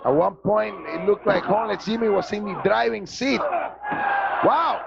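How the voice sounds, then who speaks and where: A man's voice: high voice, wildly swooping pitch, measured pace, gravelly. A man doing wrestling color commentary, theatrical and grandiose in broken English. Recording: dull lo-fi TV broadcast audio.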